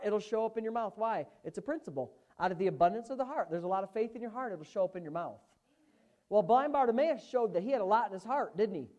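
A woman preaching a sermon, emphatic, swinging from hushed asides to loud, fervent exclamations. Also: medium pitch, sing-song, normal speed.

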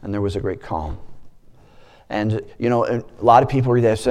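Animated male preacher with swooping delivery. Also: mid-range voice, normal speed. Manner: animated, with joking asides. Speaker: pastor. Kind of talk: sermon.

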